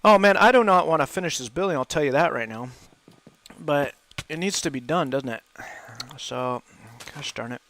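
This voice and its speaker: A man's voice: fairly high pitch, moderate pace, pauses often, a bit bright. A man chatting casually while he hosts a game livestream, rambling and laughing often. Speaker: livestream host, English teacher. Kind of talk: casual chat while gaming.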